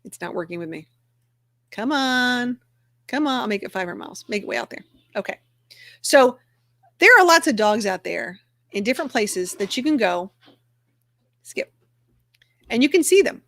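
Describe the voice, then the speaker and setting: A woman's voice: on the high side, lively intonation, moderate pace, pauses often, fairly bright tone, no room sound. Chatty upbeat woman livestream host. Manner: chatty and upbeat, narrating her clicks aloud. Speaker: livestream host for a dog rescue community. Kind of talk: casual livestream chat while sharing her screen.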